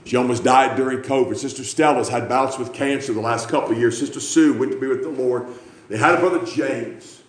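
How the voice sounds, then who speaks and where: A man preaching a revival sermon, moving from quiet storytelling to shouted, high-pitched fervor. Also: a little fast. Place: church. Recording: echoey church room.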